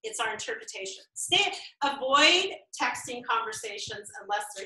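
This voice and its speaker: A woman's voice: sits high, lively intonation, normal speed, sharp tone. A woman leading a training workshop, upbeat and often laughing, acting out the tones of imagined text messages. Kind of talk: interactive training talk. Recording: roomy echo, distant mic.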